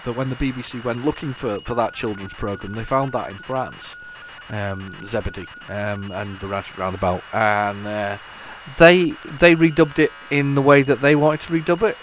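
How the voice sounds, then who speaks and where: Slight background noise sits under this mid-range male voice. A retro gaming YouTuber, he offers casual commentary as he plays old computer games, rambling and often restarting as he stumbles over his words.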